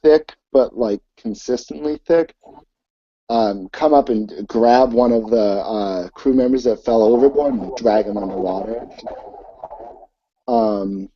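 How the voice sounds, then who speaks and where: A man narrating a tabletop game as game master, halting and full of fillers. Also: medium pitch, no echo. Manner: hesitant, many fillers. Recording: dull lo-fi recording.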